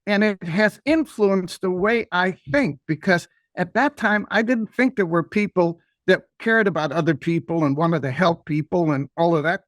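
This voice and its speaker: A man's voice: high-pitched, normal speed, hardly any pauses, a bit bright, dry recording, studio quality. An older man telling a personal story in a rambling, folksy way as a podcast guest.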